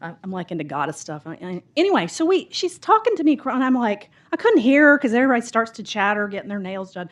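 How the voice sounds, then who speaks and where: A woman's voice: a little high, quick pace, hardly any pauses. Chatty Southern-drawled woman telling a story. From Mississippi and Tennessee, US South. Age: middle-aged. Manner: chatty, rambling, animated storyteller acting out quotes. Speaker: audience member. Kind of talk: rambling personal story in a Q&A. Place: bookstore event room.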